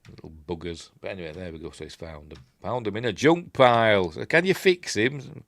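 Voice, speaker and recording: A Yorkshire man with a very low voice gives a loose, rambling commentary on a film. He corrects himself, adds chuckling asides and takes his time. The sound is dry and close. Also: expressive, brisk, no echo. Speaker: film reviewer, channel host.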